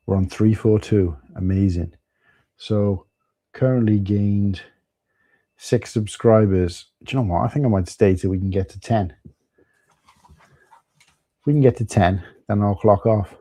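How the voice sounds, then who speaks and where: A man's voice: fairly low pitch, unhurried, long pauses, dark tone, dry recording. A man with a Welsh accent hosting a casual live stream, chatting loosely and greeting viewers by name. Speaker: livestream host. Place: at home.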